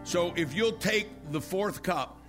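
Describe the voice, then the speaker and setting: Older male preacher, high and forceful, impassioned emphatic sermon delivery, soft music behind. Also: slow.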